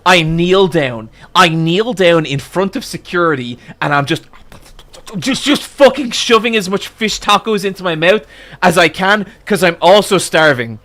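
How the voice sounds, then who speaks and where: A man with a fairly high, bright voice recounts a chaotic story to his stream chat. He is profane and exasperated. He builds to loud outbursts as the tale goes on. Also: lively intonation, a little slow. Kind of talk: animated storytelling to a live chat.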